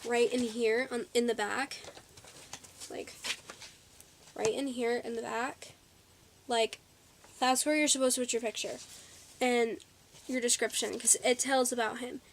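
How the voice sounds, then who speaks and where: A woman with a somewhat high voice talks casually into her camera at home, rambling and stacking up ums and likes. She trips over her words and corrects herself mid-sentence, with a faint hiss behind her. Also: steady tone, measured pace, long pauses. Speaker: vlogger. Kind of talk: casual haul video chat.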